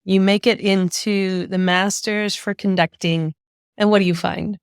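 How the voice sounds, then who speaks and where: A woman hosting a podcast interview, a measured, affirming listener. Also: medium pitch, steady tone, clean tone, no room sound, clean studio sound. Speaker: podcast host.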